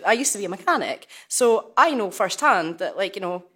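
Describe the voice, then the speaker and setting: Woman guest recounting her story; casual, filler-heavy, fairly low pitch, remote call sound. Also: sing-song, fairly quick, few pauses, fairly bright tone. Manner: chatty, colloquial, many fillers. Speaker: panel guest, law student. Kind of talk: telling her story on a panel.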